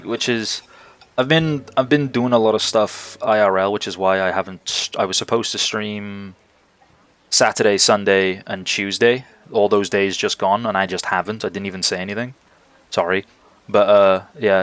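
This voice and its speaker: A man's voice: fairly low pitch, fairly bright tone. Casual young man chatting on stream. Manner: rambling, enthusiastic, swears freely. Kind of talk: casual livestream chat answering viewers.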